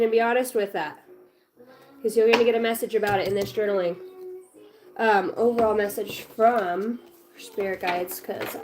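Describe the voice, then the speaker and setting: A woman giving a casual, blunt, encouraging tarot reading at home, swearing freely. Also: medium pitch. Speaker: tarot reader. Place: home with her small child nearby.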